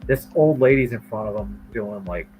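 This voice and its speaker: A man's voice: lowish voice, normal speed, poor audio. A man from Michigan telling stories casually on a live stream, acting out the voices of the people he quotes. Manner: animated, acts out quoted voices. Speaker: streamer and comic artist.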